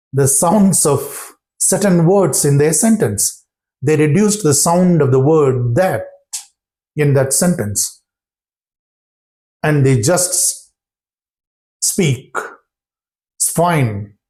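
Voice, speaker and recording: A man teaching a spoken-English lesson to his students, talking deliberately and often checking in with short questions and praise. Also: a little high, mellow.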